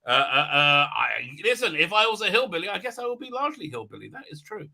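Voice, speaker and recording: Animated, very bright-voiced middle-aged man. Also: high-pitched, fast, gravelly. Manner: rambling, animated, with many restarts. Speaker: livestream host. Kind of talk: casual live-stream chat, reading viewer comments.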